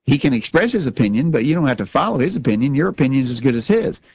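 A man's voice: medium pitch, sing-song, racing, a little mellow, breathy edge, dry recording, lo-fi sound. Man, religious talk show host, earnest, repeats words, dry recording. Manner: earnest, repeats words when starting sentences.

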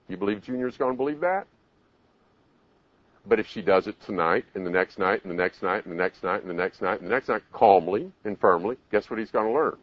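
A man giving a live parenting talk, animated, acting out parents and children in raised voices. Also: on the low side, brisk, no echo, lo-fi sound. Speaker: parenting speaker.

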